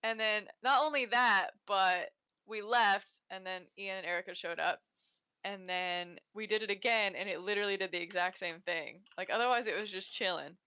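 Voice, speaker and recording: Woman co-host, casual rambling chat, crisp voice on dull lo-fi sound. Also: medium pitch, moderate pace, bright, forceful tone. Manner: chatty, rambling, laughs often.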